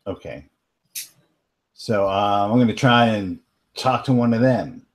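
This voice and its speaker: A young player with a New York accent voices his character in a tabletop role-play, speaking in a lowish voice at a measured pace. He's brash and streetwise, and he swears.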